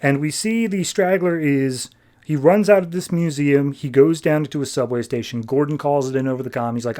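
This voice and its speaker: A man's voice: medium pitch, darkish tone. A man hosting a podcast, casually recapping a comic story and loosely acting out the characters' lines. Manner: retells scenes quickly, acting out quotes loosely. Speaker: podcast host.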